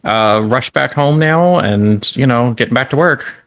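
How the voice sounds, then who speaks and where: A man's voice: mid-range voice, expressive, measured pace, a bit bright, no echo. A man co-hosting a podcast over a video call, easygoing and chatty. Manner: easygoing, talkative storyteller. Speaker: podcast co-host. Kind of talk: casual chat.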